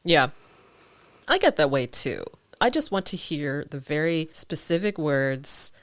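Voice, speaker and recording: A woman's voice: sits low, sing-song, a little slow, no room sound. A woman hosting a podcast in casual chat, who laughs often and talks with animation. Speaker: podcast host.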